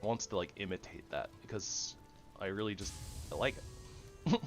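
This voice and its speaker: A man with a fairly low voice gives casual commentary while he plays, goofy and rambling. He swings from loud excited bursts to soft mumbling asides, with faint music playing behind him. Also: normal speed. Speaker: gaming channel host.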